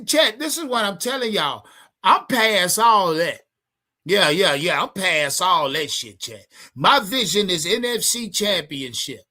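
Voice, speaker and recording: Ranting hard to his chat about his football team, a sports fan streamer swears freely and keeps returning to the same points. His voice swings widely in pitch, with a bright, forceful tone, in a heated, profane livestream sports rant.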